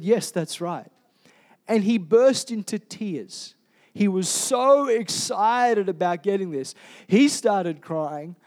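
High-voiced pastor preaching. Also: male voice, a little mellow. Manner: storytelling, calls of "Amen?" to the congregation. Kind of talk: sermon. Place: church hall.

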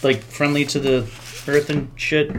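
A man's voice: fairly high pitch, fairly even intonation, slight background noise. Crude-joking male podcast co-host. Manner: crude jokes, reads labels aloud haltingly. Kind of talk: casual chat.

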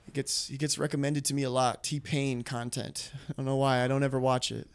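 A man's voice: medium pitch, little pitch movement, a little fast, clean tone. A young man co-hosting a podcast, rambling and swearing in casual banter with frequent laughs. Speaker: podcast co-host.

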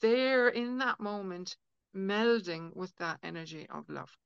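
Gravelly woman on a dull, dry podcast line. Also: mid-range voice, unhurried, dry recording. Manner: earnest, acts out inner voices in quotes. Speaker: guest healer. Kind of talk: casual podcast conversation.

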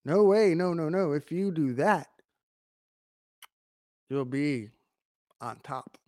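A man's voice: on the high side, animated, takes it slowly, darkish tone, dry recording, studio quality. A preacher voicing Satan as a sly male tempter, coaxing and dismissive.

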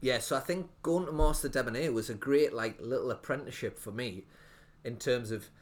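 A man's voice: mid-range voice, a little fast. A young man, a restaurant owner telling his story in a casual interview, rambling with lots of fillers and restarts. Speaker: restaurant owner, podcast guest.

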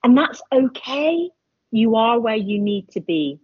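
A woman in her forties chatting casually as a podcast guest, animated and quick to laugh. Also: fairly high pitch, husky, dry recording. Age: 40s. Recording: dull lo-fi sound.

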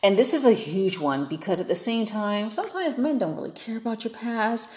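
A woman's voice: medium pitch, animated, fairly quick, darkish tone, roomy sound. A woman giving frank, chatty dating advice in a casual monologue, acting out the people she quotes.

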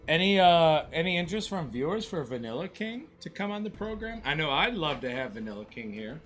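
A man co-hosting a slot stream, chatting casually with rowdy, profane excitement and hyping up the chat. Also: on the high side, brisk, soft background music.

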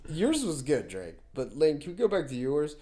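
A man's voice: on the high side, wildly swooping pitch, normal speed, dark tone. A man in casual joking chat among friends, playfully trying silly accents.

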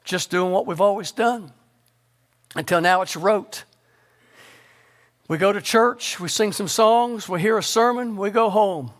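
A male pastor preaching a sermon, asking the congregation questions and sinking to a low hush to stress a point. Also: measured pace, long pauses. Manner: rhetorical questions, sudden drops to a low hush for emphasis.

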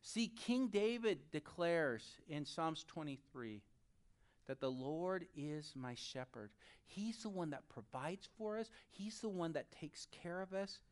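Pastor, sermon. Lively, wide-ranging pitch at a middle height, talks straight to the room, shifts between loud and soft. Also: takes it slowly. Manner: addresses the audience directly.

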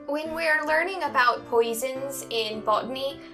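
A woman's voice: high voice, unhurried, sharp tone, soft background music. A woman tabletop player chatting in a playful, teasing way.

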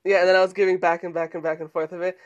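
Young man, higher register, lively laughing co-host. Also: rapid-fire, lo-fi sound. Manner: animated storyteller, laughs often. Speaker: podcast co-host. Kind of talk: casual chat.

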